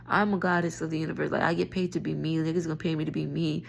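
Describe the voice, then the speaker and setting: Woman vlogger, low gravelly voice, tired, frustrated, rambling phone rant. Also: little pitch movement, very fast, slight background noise. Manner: frustrated, stream-of-consciousness, restarts thoughts. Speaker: spiritual vlogger.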